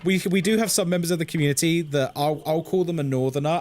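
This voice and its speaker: Streaming a horror game from his room near a busy road, this Englishman jokes casually with viewers, poking fun at himself. He talks quickly in a slightly high, somewhat mellow voice, barely pausing.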